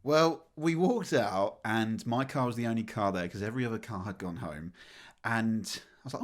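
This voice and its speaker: A man, co-hosting a podcast, telling a story in casual chat with laughter and acted-out shouting. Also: medium pitch, normal speed. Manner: animated, laughs while telling, acts out shouting. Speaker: podcast co-host.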